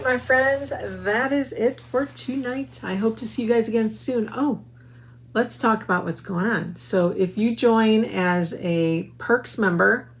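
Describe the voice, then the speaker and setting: A middle-aged woman from the United States hosting a crafts video, chatting upbeat with viewers while she works. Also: fairly high pitch. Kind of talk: casual crafting talk and promo.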